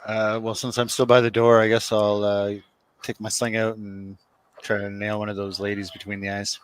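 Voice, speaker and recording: Hesitant low-voiced man player. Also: level tone, normal speed, clear, resonant tone, dry recording. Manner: hesitant, thinks aloud. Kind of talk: tabletop game play.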